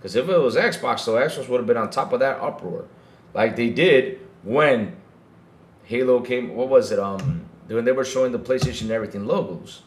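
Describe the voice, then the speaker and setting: A man's voice: mid-range voice, normal speed, reverberant, a little hiss or hum. A man hosting a livestream podcast, ranting heatedly to his chat and often repeating himself. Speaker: podcast host.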